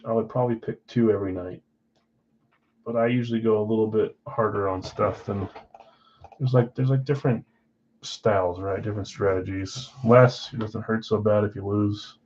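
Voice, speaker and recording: A man hosting a live card-break stream in casual chat, rattling off names and teams, swinging between loud calls and quiet asides. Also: lowish voice, normal speed, muffled recording, a little hiss or hum.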